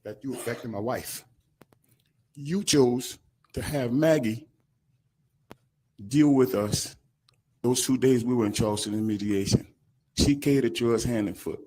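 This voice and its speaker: A man, crying as he gives an emotional, halting victim statement at a courtroom podium microphone. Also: mid-range voice, warm tone, a little hiss or hum. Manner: emotional, halting, breaks off mid-sentence.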